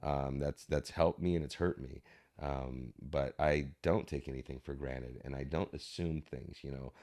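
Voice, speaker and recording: Very deep-voiced man telling a story. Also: fairly even intonation, normal speed, a little mellow. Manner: reflective storyteller who acts out quoted voices. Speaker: actor guest. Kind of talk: podcast conversation.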